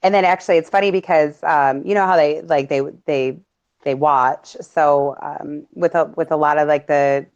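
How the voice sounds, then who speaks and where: A woman's voice: sits low, normal speed, highs cut off. A woman hosting a casual talk show, chatting with lots of fillers and laughs. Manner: animated, laughing, many fillers. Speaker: podcast host. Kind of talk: casual conspiracy chat.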